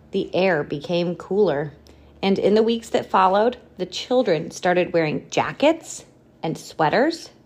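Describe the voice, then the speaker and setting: Woman reader for a picture book, slow and breathy delivery, lively pitch. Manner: expressive, animated storytelling. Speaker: storybook reader. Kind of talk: reading a picture book aloud.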